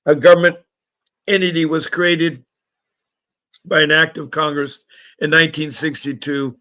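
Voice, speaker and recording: A man's voice: on the high side, fairly bright tone. A man hosting a live stream call-in show, talking casually with a slightly scratchy voice and a friendly, rambling manner full of fillers.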